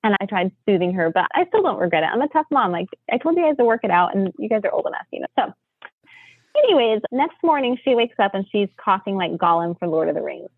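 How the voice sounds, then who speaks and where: A woman from the United States, a podcast guest, telling family stories in a lively way, often laughing and acting out what people said. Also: quick pace, no room sound. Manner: animated, acts out quotes with big pitch jumps, laughs often. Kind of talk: storytelling in casual chat. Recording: tinny phone-line audio.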